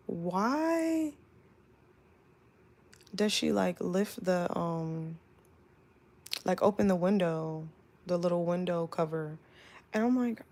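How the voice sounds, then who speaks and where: Chatty young woman with vocal fry. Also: lowish voice, slow, long pauses. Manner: chatty, animated, lots of "like". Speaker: flight attendant. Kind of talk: casual storytime.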